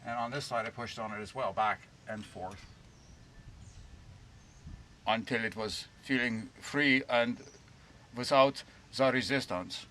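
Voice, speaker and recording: A man's voice: medium pitch, measured pace, long pauses, sharp tone, slight background noise. A man giving a rambling, folksy, self-deprecating how-to talk while working on a jacked-up car outdoors. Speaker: DIY car repair vlogger.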